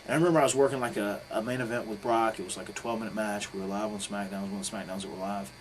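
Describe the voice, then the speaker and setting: A middle-aged man telling a story in a casual interview, swearing freely and acting out quotes with sudden loud bursts. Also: lowish voice, steady tone, rapid-fire, a little hiss or hum, low-quality recording.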